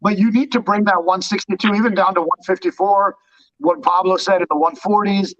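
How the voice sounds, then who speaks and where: A man talking sports in a casual podcast, rushing his points out and restarting as he thinks. His voice is high and quick. The sound is dry and lo-fi. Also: fairly even intonation, fairly bright tone, no echo.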